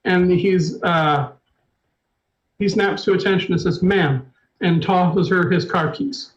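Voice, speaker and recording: Guy running a tabletop game, slow narration, lots of uhs, kinda muffled stream audio. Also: high voice, fairly even intonation. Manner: unhurried narration with many "uh" fillers. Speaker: storyteller.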